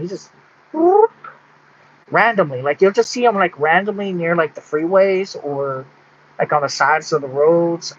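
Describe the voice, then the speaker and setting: Texas guy vlogging, kinda husky, rambles a lot, dull lo-fi sound. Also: fairly high pitch, fairly bright tone. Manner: rambling, with many restarts and fillers. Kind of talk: rambling casual monologue.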